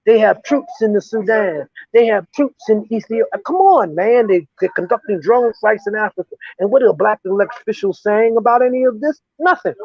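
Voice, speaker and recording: Older man, high voice, emphatic. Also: moderate pace, few pauses, no echo, dull audio. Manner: emphatic, repeats "you see?" with many restarts. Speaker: guest, veteran activist. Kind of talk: political interview talk. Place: lives in Ghana, remote interview.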